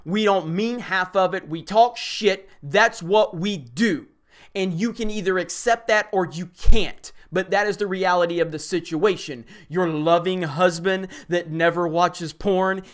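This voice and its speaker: A man's voice: high voice, a bit bright. A man hosting an online commentary show, talking in a blunt, heated rant. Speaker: commentary host. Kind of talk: opinionated commentary.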